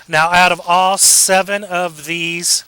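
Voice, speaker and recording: A man giving a casual classroom lecture, joking with students, acting out quick examples and checking in with a frequent "okay?". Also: sits high, little pitch movement, bright, forceful tone, clean tone, no echo, poor audio. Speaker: college lecturer.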